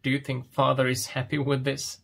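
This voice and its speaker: A man teaching English, reading a picture story aloud and explaining it slowly, asking questions and then answering them himself. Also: medium pitch, monotone, creaky, a bit bright.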